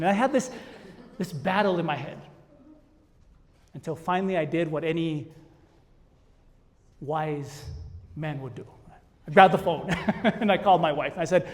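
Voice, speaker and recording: Animated male keynote storyteller. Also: a little high, unhurried, pauses often. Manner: animated, acts out voices. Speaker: keynote speaker. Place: conference hall stage. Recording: long hall reverb.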